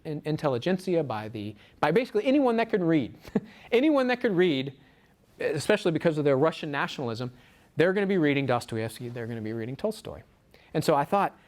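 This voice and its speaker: A man giving a lecture to a small group, animated, acting out quotes from the book. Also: a little high. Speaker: speaker. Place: room with a small audience. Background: audience laughter.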